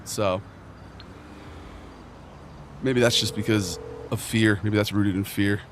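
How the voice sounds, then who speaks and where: A man's voice: fairly low pitch, steady tone, slow, a little hiss or hum. A young man streaming live and chatting casually, full of slang, rambling and reading chat aloud.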